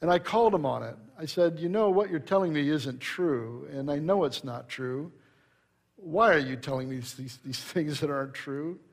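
A man's voice: fairly high pitch, moderate pace, gravelly. A middle-aged male pastor preaching a sermon, telling anecdotes in a conversational way and rising to emphatic preaching.

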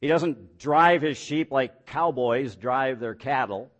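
A man's voice: mid-range voice, slow, a bit bright. Emphatic man preaching a sermon. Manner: emphatic preaching, rising on key points, many rhetorical questions; plain folksy asides and self-deprecating humor. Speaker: pastor.

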